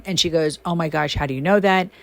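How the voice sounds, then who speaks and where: Animated, lower-pitched woman telling stories. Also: fast talker. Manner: animated, emphatic, swings her pitch up when excited; chatty with many fillers like "you know". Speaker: podcast host and shaman. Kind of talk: casual storytelling monologue.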